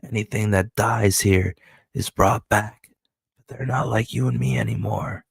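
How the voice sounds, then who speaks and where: A man voicing a menacing comic-book gang boss who taunts his rivals in a low, hushed way. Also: steady tone, a little slow, creaky, slightly rough, no echo, studio quality, heavily acted. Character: sneering male gang villain, menacing.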